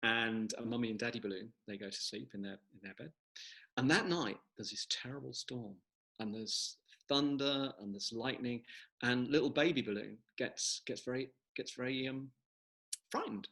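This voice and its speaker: A man speaks over a video call with a bright, forceful tone. His talk is casual and rambling, full of restarts, as he tells jokes at his own book launch. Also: medium pitch, normal speed, gravelly, rough recording. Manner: chatty, rambling joke-teller. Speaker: author.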